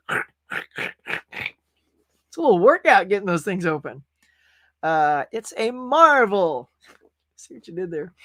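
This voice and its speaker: A man's voice: sits high, fairly bright tone, no room sound, studio quality. A man hosting a casual pop-culture live stream, rambling through stories and reading viewer comments aloud. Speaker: podcast host.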